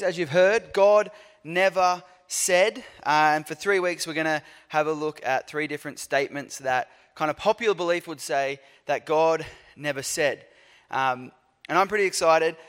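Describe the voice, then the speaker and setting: A man's voice: on the high side, a bit bright. A man preaching a casual, joking sermon to a church congregation. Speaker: pastor. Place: church hall. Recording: church hall with long reverb.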